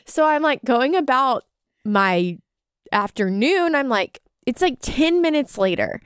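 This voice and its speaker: Young woman podcast host, smooth clear voice a bit high, dry close mic, acts out her story. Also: unhurried, no echo. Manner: animated storyteller, acts out scenes. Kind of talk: casual chat.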